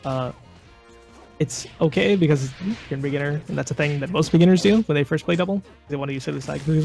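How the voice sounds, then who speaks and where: A man's voice: a little high, fast talker, creaky, a little mellow, soft background music. A man coaching a beginner on a live game stream in casual talk, often answering with short reactions. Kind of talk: casual livestream commentary.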